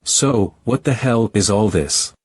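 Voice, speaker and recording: A man giving a first-person story recap narration in a steady, even reading. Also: lowish voice, slow pace, slightly rough, no room sound.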